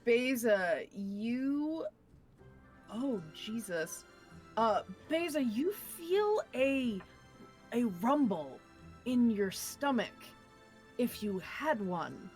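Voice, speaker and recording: A woman's voice: a little high, sing-song, drawn-out words, darkish tone, faint music behind. A woman narrating a tabletop game as dungeon master, hesitant with many fillers and casual swearing.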